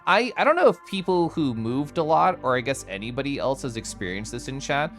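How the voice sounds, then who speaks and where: A young man from the United States, an energetic streamer chatting casually with his viewers and answering chat, with frequent laughs and asides. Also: mid-range voice, fairly quick, faint music behind. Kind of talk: casual live-stream chat, reading chat aloud.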